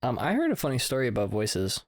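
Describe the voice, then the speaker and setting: A man's voice: mid-range voice, huge pitch swings, fast, no room sound, studio quality. A young man co-hosting a podcast, telling stories and teasing dryly in casual chat. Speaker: podcast co-host.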